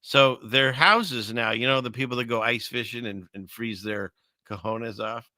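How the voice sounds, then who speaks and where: A man hosting casual commentary on video clips, rambling and chuckling through his asides, with a gravelly voice. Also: mid-range voice, moderate pace, pushed and bright, no room sound, studio quality. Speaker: host.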